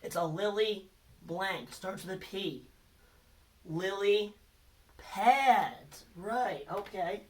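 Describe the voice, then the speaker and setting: His voice sits high and his pace is slow. The man, a teacher, records a lesson for children, encouraging them patiently and quizzing them with hints about letters, and he sounds somewhat far from the microphone.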